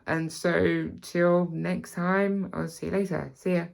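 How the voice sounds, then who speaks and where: A woman with a non-RP British accent teaching an accent tutorial, halting and repeating herself, often starting with "so". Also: fairly low pitch, level tone, creaky. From Britain. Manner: halting, repeats words, starts many lines with "so".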